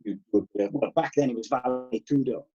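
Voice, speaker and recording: A man in his thirties, a karate instructor guest, telling animated stories and swearing freely. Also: mid-range voice, fast talker, highs cut off. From Wales. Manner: animated, swears freely, acts out past exchanges. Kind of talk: casual podcast storytelling.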